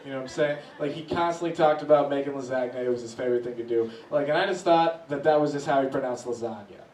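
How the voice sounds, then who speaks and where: A man doing stand-up comedy, telling a story in an animated way and often laughing as he talks. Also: medium pitch, fast talker. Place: comedy club stage. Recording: echoey room, mic heard from a distance, faint noise.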